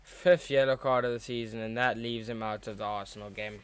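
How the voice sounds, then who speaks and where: Young man, football watchalong host, smooth clear voice, dry close sound, excitable fan reactions. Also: lowish voice, brisk, hardly any pauses, no echo. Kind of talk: live match watchalong commentary.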